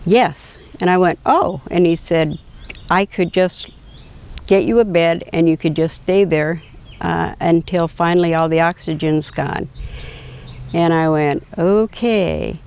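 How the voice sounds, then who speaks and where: An older woman slowly recounting a personal story, quoting others with frequent hesitations and fillers. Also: fairly low pitch, fairly even intonation, a little mellow, smooth. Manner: slow, reflective, quoting dialogue with hesitations. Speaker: patient telling her story.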